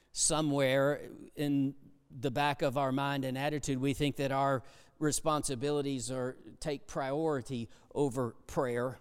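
A pastor preaching a sermon, swinging between hushed, low passages and loud, emphatic ones. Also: male voice, smooth. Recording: long hall reverb.

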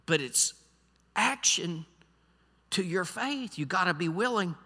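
A man preaching a sermon as pastor, swinging from quiet asides to loud exhortation. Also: sits high, lively intonation, slow. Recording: long hall reverb.

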